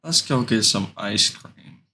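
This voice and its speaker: A man voicing an excited teenage son who gushes with eager enthusiasm, in a raised voice. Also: fairly low pitch, slow pace, slight background noise, exaggerated voice.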